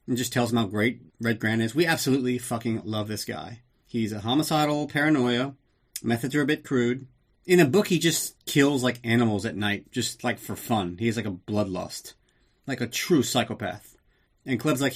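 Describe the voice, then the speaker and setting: A man hosting a podcast, recapping a movie in a loose, profane, joking way. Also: medium pitch. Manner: profane, jokey, does quick voices for characters. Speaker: podcast host. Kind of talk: casual comedic movie recap.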